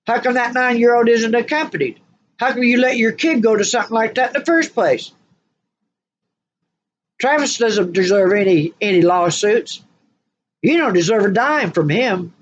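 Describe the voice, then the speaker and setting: A woman's voice: medium pitch, slight background noise. Scolding woman preaching in a lo-fi vlog. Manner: repeats phrases, talks in bursts. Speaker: spiritual vlogger. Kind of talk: monologue rant to camera.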